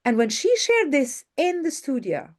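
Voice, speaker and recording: A woman media coach hosts an online masterclass over a video call, enthusiastically telling success stories and repeating words for emphasis. Her voice is high-pitched and sing-song, at a measured pace.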